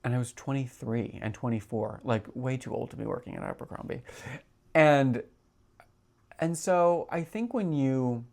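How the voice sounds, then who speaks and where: A man's voice: medium pitch, normal speed, creaky, a little mellow. A man in his thirties hosting a solo podcast, talking in a chatty, rambling way with many filler words. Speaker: podcast host.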